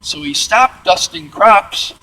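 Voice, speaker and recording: A man leads a museum tour in a big hangar, spinning lively anecdotes. His voice is high and bright. A faint hum of background noise sits under it. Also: slow pace, low-quality recording. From Midwestern United States. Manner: animated, acts out quotes in character voices. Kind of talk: storytelling tour talk. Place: large museum hangar, indoors.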